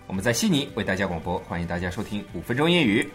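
Co-hosting a language show, a man with a low voice explains English phrases in Mandarin at a rapid-fire pace. His playful bilingual banter is jokey, teasing, and animated, with faint music behind him.

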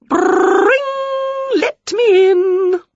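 A woman voicing a rude talking doorbell that yells loudly in a storybook. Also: very slow, no echo, dull audio, heavily acted. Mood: impatient yelling. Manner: loud shrill yelling.

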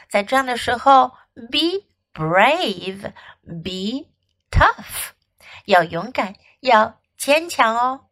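A woman teaching young children English through a story, in an animated, sing-song, coaxing way. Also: fairly high pitch, no room sound. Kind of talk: bilingual children's story lesson.

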